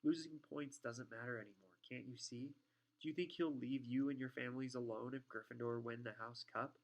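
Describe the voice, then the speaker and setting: A man reading an audiobook, voicing a determined young schoolboy in a low, urgent, earnest tone. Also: fairly even intonation, brisk, lightly acted. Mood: defiant.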